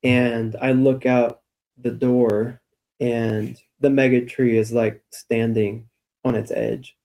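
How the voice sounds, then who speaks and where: A man co-hosting a weekly church podcast, with a mellow, darker tone. He talks in an easygoing, chatty way and tells stories with light laughs. His pitch sits in the middle range. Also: flat delivery, slow, creaky. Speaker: church staff podcast co-host. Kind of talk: casual church podcast chat.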